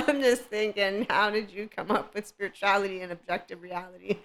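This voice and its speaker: A woman hosts a casual spiritual podcast with a bright, forward voice at an ordinary pitch for her sex. She rambles from thought to thought, laughs often and drops sarcastic asides. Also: a little fast, few pauses. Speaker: podcast host.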